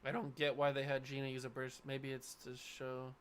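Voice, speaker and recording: A man hosting a live watch-party reaction, chatting excitedly and talking to viewers by name. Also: mid-range voice, a little fast, few pauses, clear, resonant tone. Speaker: reaction channel host.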